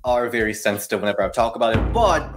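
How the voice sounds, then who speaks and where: Male co-host, casual review chat, expressive and quick to laugh, faint music behind. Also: fairly low pitch. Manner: animated, laughs often, uses "like" fillers. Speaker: podcast co-host.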